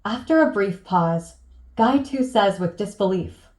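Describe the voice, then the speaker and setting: A woman narrating a bar joke in a steady storytelling manner. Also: medium pitch, measured pace. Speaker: joke teller.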